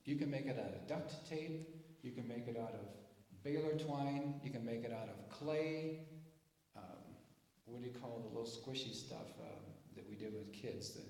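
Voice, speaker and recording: A man who grew up on a dairy farm, speaking to an inventors' meeting in a folksy, animated storytelling way, acting out voices. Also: medium pitch, moderate pace. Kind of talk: storytelling presentation. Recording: echoey hall, live stream.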